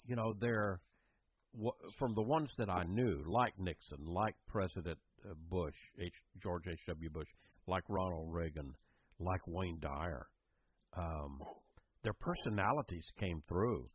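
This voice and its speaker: A man's voice: low-pitched, unhurried, slight background noise. A man hosting an interview show, talking in a rambling way with many fillers and restarts. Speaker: show host. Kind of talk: casual interview chat. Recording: dull lo-fi sound.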